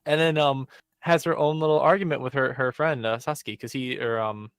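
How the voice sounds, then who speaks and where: A man's voice: mid-range voice, brisk, smooth, no echo. A young man casually recapping an episode on a podcast, acting out the characters' lines with lots of fillers. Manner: animated storytelling, acting out characters' lines with many "um" and "like". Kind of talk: casual chat.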